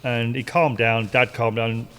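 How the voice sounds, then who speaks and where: A man's voice: medium pitch, fairly even intonation, a little slow, a bit bright, clear, resonant tone. Rambling middle-aged man in a reverberant room. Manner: rambling, repeats himself, swears freely. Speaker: guest, retired racing driver. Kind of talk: casual anecdotal storytelling.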